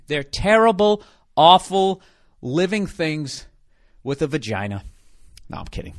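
A man's voice: a little high, big pitch swings, takes it slowly. A man hosting a comedy podcast, ranting in a profane, sarcastic monologue. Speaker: podcast host.

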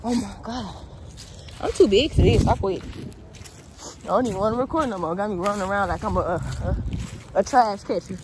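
A young woman vlogging outdoors, unboxing on camera, loud and playful and out of breath. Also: mid-range voice, brisk, long pauses. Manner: loud, playful, laughing, talks straight to viewers. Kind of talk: casual unboxing vlog. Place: outdoors in wind. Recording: outdoor phone audio with wind noise.

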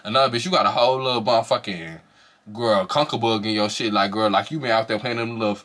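A man reviews a reality show in rapid, casual commentary. His voice is bright and sharp, and he is gossipy and profane. His animated delivery keeps leaping up into shrieks. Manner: animated and sassy, with shrieking highs.

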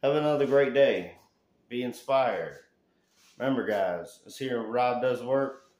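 A man's voice: medium pitch, lively intonation, unhurried. Rambling handyman in an echoey room. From Alabama, US. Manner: rambling, folksy, swings into loud rants. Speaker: handyman vlogger. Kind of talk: casual vlog chat. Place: house under renovation, indoors.

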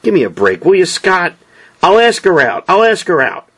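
A man's voice: high-pitched, sing-song, normal speed, fairly bright tone, slightly rough, pitched above the performer's own voice, full character voice. A man voicing an awkward, shy teenage football player who answers back defensively, in an audiobook reading. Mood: exasperated.

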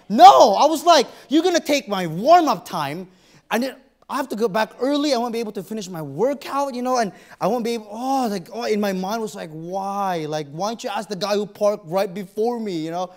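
In a church auditorium, a man preaches a sermon, sharing a personal story and acting out his own inner voice. He has a high, expressive voice and speaks fairly quickly.

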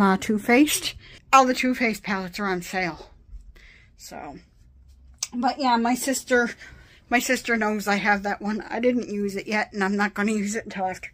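A woman's voice: fairly high pitch, unhurried. A tired woman chatting casually at her desk at home, rambling and getting sidetracked as a vlogger. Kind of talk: casual chat.

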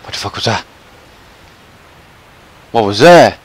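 A young man giving loud, profane let's play commentary, yelling and swearing at the game. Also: on the low side, lively intonation, slow pace. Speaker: gameplay commentator.

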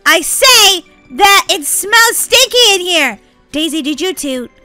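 A woman's voice: extremely high pitch, very animated, takes it slowly, sharp tone, dry recording, faint music behind, full character voice. A woman voicing a grumpy, sleepy young girl in a game role-play, talking in a sulky way.

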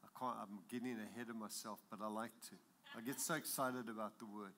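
A man's voice: lowish voice, fairly even intonation, a little fast, pushed and bright, slight background noise. A man preaching a sermon as pastor, with an accent, emphatic and building in intensity, chuckling at his own jokes.

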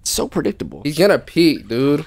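A man giving live gameplay commentary on a horror game in casual slang. He is jumpy and excitable, and yelps when something startles him. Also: on the high side, a little fast, creaky, no echo. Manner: casual slang, calls the game bro and dog. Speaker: streamer playing a horror game. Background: game music.

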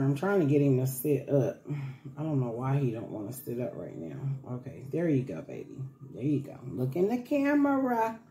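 A woman's voice: low-pitched, mellow. Chatty woman vlogging in an echoey room. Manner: chatty, repeats herself, laughs often. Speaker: vlogger caring for baby dolls. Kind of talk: casual chat to camera. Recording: echoey room with faint background noise.

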